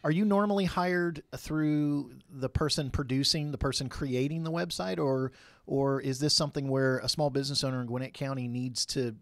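A man's voice: medium pitch, moderate pace, no echo, studio quality. A man co-hosting a radio interview, joking and conversational as he asks questions. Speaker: radio co-host. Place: radio studio. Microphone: studio microphone.

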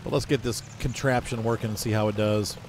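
A man casually commentating his own farming game, chatty and self-mocking, often jumping into playful high exclamations. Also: steady tone, brisk, a little hiss or hum. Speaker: gameplay commentator. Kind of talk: casual let's-play commentary.

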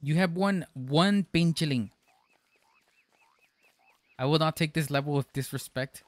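Playful male streamer, fairly high voice. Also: a little slow, no echo. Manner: playful, jokey, laughs often, mock-formal asides. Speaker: game streamer. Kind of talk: live gameplay commentary, reading chat.

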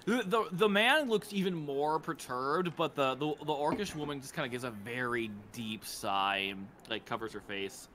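A man runs a tabletop game session. His voice is bright and carries a lot of pitch movement as he narrates the scene, fumbling now and then for the right character voice. A faint hum sits behind him. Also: lively intonation, moderate pace, few pauses. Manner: casual, laughing, hunts for character voices. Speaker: game master.

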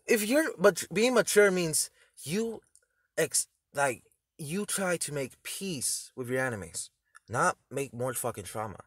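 A teenage boy making a loud, profane reaction video, laughing often as he talks. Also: a little high, animated, a little slow, no echo, clean studio sound. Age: teens. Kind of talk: reaction commentary.

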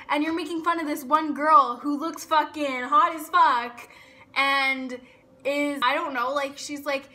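Bright, high-voiced young woman ranting. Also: fairly even intonation. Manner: blunt and profane, heavy swearing; fast talk with lots of filler "like". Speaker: vlogger. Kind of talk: casual rant to camera.

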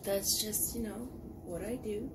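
A woman's voice: mid-range voice, a little slow, very noisy. A tired woman chatting casually while cooking in her home kitchen, rambling and poking fun at herself. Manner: rambling, self-deprecating chatter. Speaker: vlogger.

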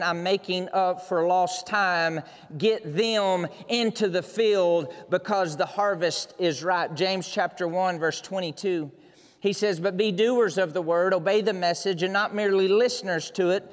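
A high-pitched man preaching a sermon, acting out a story and shouting roars as he builds up. His voice rings out with a long reverb, as if in a large church hall. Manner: dramatic storytelling, bursts into roars. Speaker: pastor.

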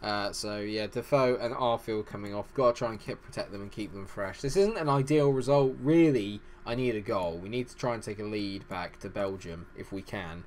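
A man's voice: lowish voice, normal speed, few pauses, a little mellow, slight background noise. A man hosting a gaming channel, giving rambling, self-deprecating let's-play commentary.

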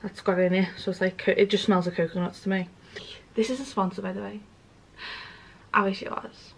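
A woman's voice: mid-range voice, little pitch movement, brisk, vocal fry, husky, rough recording. A young British woman chatting casually and rambling to camera, swearing freely. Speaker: vlogger. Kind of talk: casual vlog chat.

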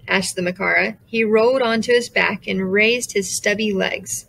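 A woman's voice: mid-range voice, flat delivery, a little slow, creaky, hardly any pauses, fairly bright tone, rough recording. A woman narrating a children's novel as an audiobook, reading steadily and switching into character voices. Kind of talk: scripted narration.

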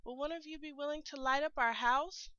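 A woman voicing a friendly, polite male hermit crab in a storybook, with a sweet, gently enthusiastic manner. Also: high voice, steady tone, brisk, no echo, voice pushed up. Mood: admiring. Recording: dull lo-fi recording.

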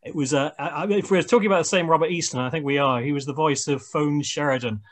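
A man co-hosting an interview, telling a wry anecdote. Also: on the high side. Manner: wry, quick anecdotal aside. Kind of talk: conversational interview.

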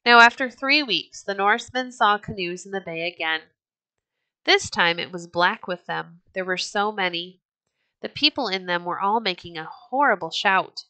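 Rich: A woman reads an old storybook aloud with a gentle, measured delivery. Her voice is bright and clear, and it sits close and dry with no room sound. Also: medium pitch, no echo. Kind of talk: storybook read-aloud narration.

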